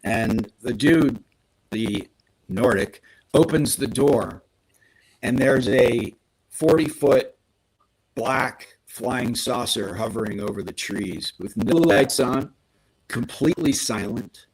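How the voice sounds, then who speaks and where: A man's voice: mid-range voice, takes it slowly, husky, poor audio. A man on a podcast, casually retelling a story with animation and acting out the quoted lines. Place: podcast studio.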